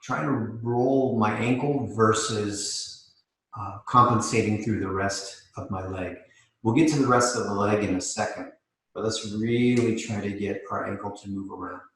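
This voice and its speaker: Calm low-voiced male yoga instructor. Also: unhurried. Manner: calm step-by-step cueing, demonstrating while talking. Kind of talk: live guided mobility class. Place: yoga studio. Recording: echoey room.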